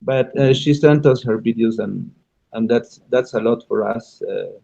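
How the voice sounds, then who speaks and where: Slow, halting man with a Spanish-speaking background. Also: mid-range voice, creaky, warm tone, highs cut off. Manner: halting, many restarts and fillers, thinking aloud. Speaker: radio show host. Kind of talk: unscripted radio talk about learning languages.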